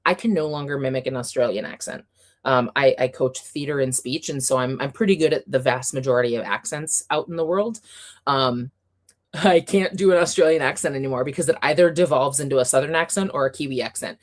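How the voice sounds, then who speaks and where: A woman's voice: rumbling low, a little fast. A woman hosting a casual livestream, chatting in an upbeat way and reading viewer comments aloud, with plenty of fillers and light laughs. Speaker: livestream host reading chat.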